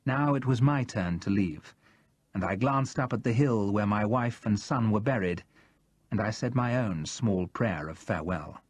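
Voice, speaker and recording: A male audiobook narrator reads in the first person with a husky voice. His pitch moves a great deal as he tells the story in a measured, expressive way. The recording is dry and close. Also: no room sound.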